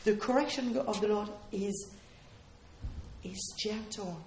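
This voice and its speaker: A woman's voice: medium pitch, slow, darkish tone, slight background noise. A woman preaching a sermon in an earnest, emphatic way, repeating her key phrases for weight. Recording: roomy hall echo.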